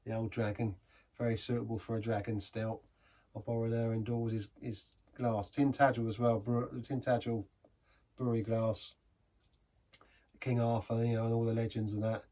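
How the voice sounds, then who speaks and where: A man's voice: mid-range voice, little pitch movement, normal speed, warm tone. A man giving a casual, rambling beer review in a pub, chatty and self-deprecating.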